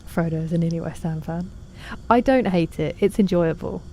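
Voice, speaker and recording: Woman streamer, low mellow voice, chatty and self-deprecating, answers chat. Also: normal speed, slight background noise. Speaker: game streamer. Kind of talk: casual chat while playing.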